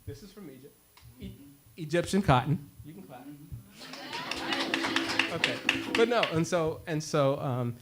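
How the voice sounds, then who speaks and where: Animated man telling a story to a congregation. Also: fairly high pitch, slight background noise. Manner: animated, laughing, acts out dialogue. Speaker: worship speaker.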